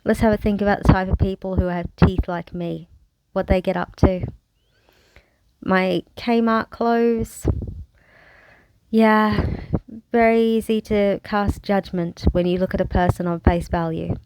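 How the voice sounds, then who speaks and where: A woman's voice: medium pitch, fairly even intonation, normal speed, a little mellow, a little hiss or hum, low-quality recording. An Australian woman telling her own story to camera in a frank, wry manner, with bursts of sarcasm. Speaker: vlogger. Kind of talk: candid personal storytelling.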